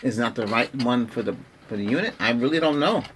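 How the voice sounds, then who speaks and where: A middle-aged man vents about tech in a loose, rambling vlog voice that is bright and forceful. He keeps restarting his sentences and sounds exasperated. A faint hiss sits under the recording. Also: medium pitch, animated, a little fast. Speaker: tech vlogger. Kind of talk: casual ranting vlog.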